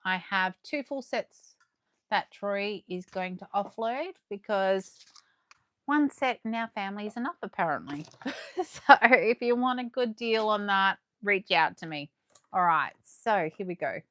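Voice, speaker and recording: A woman chatting excitedly to viewers as she unboxes collectibles live, her voice going a little hoarse. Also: medium pitch, measured pace, no room sound. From Australia. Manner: chatty and excitable, gasping and laughing, talking to viewers. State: losing her voice. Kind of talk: casual live unboxing chat.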